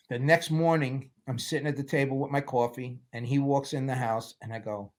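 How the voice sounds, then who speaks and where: A man in a casual interview, telling lively stories about making films and acting out what people said. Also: mid-range voice, fairly quick, few pauses. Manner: animated storyteller, acts out quotes, laughs often. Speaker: film producer guest.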